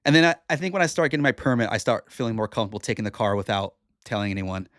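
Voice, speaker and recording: A man in his forties hosting a podcast alone, telling a long personal story in a rambling, animated way, with many fillers and self-corrections. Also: fairly low pitch, racing, no room sound, clean studio sound. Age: 40s. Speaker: podcast host. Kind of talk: casual solo storytelling.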